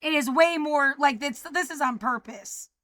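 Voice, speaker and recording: A high-pitched woman in an upset, frightened state, ranting with constant swearing. She drops to low mutters and then bursts out loud. The sound is dry and close. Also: moderate pace, dry recording. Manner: swearing, shifting between muttering and shouting. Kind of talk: agitated personal video rant.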